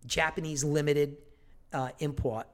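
A man's voice: a little high, fairly even intonation, measured pace. A man telling a long story in casual chat, profane and rambling.

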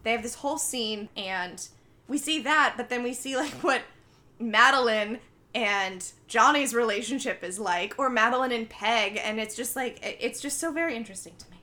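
This is a casual podcast chat in which a young woman, the co-host, recaps a film scene by scene. She tells it animatedly and acts out what the characters say, her voice a little high and her pace moderate.

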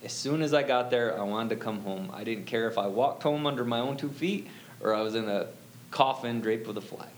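A man's voice: mid-range voice, fairly quick, a little hiss or hum. A middle-aged man telling a personal story as an interview guest, rambling and full of "you know" fillers.

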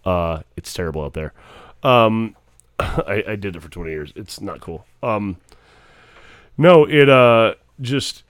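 Host, male, from rural America, low voice, dry close sound, jokey and self-mocking. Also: lively intonation, unhurried, clean tone, dry recording. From rural United States. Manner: wry, self-deprecating, joking asides. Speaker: podcast host. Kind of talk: casual podcast chat.

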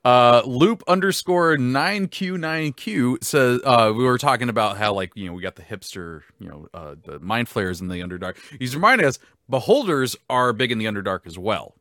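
An American man hosts a relaxed stream chat, his voice bright and lively as it swings up and down in pitch. He laughs easily and stumbles over repeated words, recorded dry and close. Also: moderate pace, hardly any pauses, dry recording. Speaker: host reading chat questions. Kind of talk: casual livestream chat.

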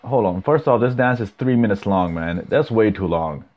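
A man's voice: on the low side, animated, moderate pace, darkish tone. A young man hosting his own podcast, chatting loosely and swearing a lot as he rambles and reacts to clips. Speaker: podcast host. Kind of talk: casual solo podcast chat.

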